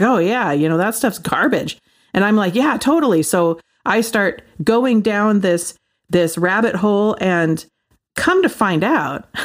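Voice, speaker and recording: An animated woman gives a casual Christian monologue. She speaks in an incredulous, colloquial way, laughs often, and her pitch sits in the middle. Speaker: Christian commentator.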